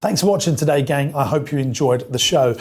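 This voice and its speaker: A man's voice: mid-range voice, fairly quick, a little mellow, husky. A man, the podcast host, giving an upbeat scripted outro to viewers. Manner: upbeat, direct address to viewers.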